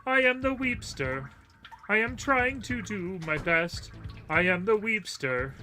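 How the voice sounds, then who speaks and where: Weepy, sobbing male killer crooner, self-pitying and theatrical, pitched high, put on by a man reading game text aloud, with music behind. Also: lively intonation, slow, sharp tone, heavily acted. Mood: mournful. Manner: sobbing, melodramatic reading of on-screen lines.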